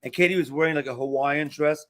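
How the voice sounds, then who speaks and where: A man's voice: fairly high pitch, fairly even intonation, quick pace, a bit bright. A man in his sixties, a talk show guest telling long rambling anecdotes with many fillers and restarts, acting out the voices of the people in his stories. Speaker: guest performer. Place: restaurant, live broadcast.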